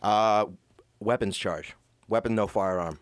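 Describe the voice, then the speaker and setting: Young man, low-pitched, dry sound, swearing storyteller who acts out quotes. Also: unhurried, dry recording. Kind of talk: casual chat.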